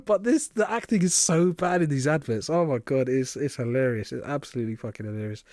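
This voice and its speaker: A man chats on a podcast, quick to laugh and swear as he gets carried away. His voice sits mid-pitch and the sound is dry and close, with no room around it. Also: no room sound. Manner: laughs often, excitable, swears casually. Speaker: podcast co-host. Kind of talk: casual chat.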